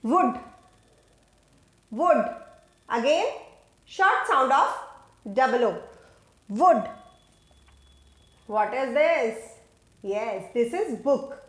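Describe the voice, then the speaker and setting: A woman teacher, giving a phonics lesson to children and repeating each word slowly in a sing-song way. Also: high voice, expressive, a bit bright, reverberant. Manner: slow, drawn-out, sing-song teacher voice that repeats words for kids.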